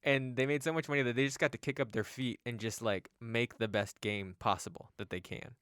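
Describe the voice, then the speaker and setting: A man's voice: mid-range voice, fairly even intonation, brisk, fairly bright tone, clear, resonant tone, no room sound, clean studio sound. A man hosting a comic book podcast, chatting casually and teasing his co-hosts. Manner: joking, teasing. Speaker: podcast host.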